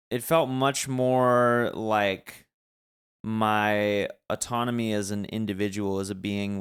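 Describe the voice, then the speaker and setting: A man's voice: on the low side, a bit bright, clear, resonant tone. A young adult man talking casually on a podcast as a son, reflective and rambling a little. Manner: reflective, with many restarts and fillers. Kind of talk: casual chat.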